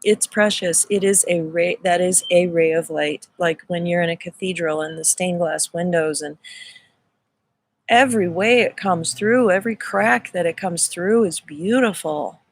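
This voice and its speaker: Earnest, low-voiced woman streaming live. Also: measured pace. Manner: earnest and effusive, often restarts and repeats words. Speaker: spiritual reader hosting a livestream. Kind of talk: casual spiritual monologue.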